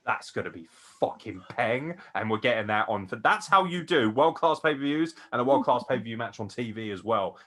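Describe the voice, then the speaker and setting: A tired man co-hosting a wrestling podcast, gushing excitedly and swearing a lot as he rambles. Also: mid-range voice, brisk, hardly any pauses. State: tired from no sleep. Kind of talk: excited casual chat.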